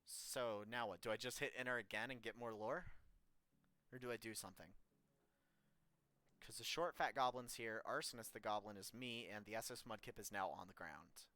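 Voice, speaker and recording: A man's voice: fairly low pitch, moderate pace, pushed and bright, dry recording. A man streaming a text adventure game, reading the story aloud and reacting playfully.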